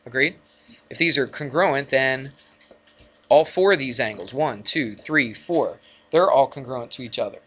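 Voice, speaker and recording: A man teaching a math lesson to his class, lively and energetic, often asking the students questions. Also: mid-range voice, measured pace, breathy edge. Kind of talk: classroom lecture.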